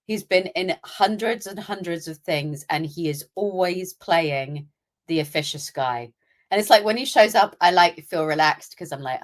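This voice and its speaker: Young British woman, low-pitched, podcast co-host, opinionated and chatty. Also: normal speed. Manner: chatty and opinionated, acting out asides. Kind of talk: casual chat.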